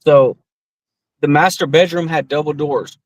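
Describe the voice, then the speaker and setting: A man's voice: fairly high pitch, steady tone, unhurried, no room sound, low-quality recording. A man in his thirties from the US West Coast, co-hosting a podcast and telling a long, profane story among friends with lots of fillers. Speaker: podcast co-host.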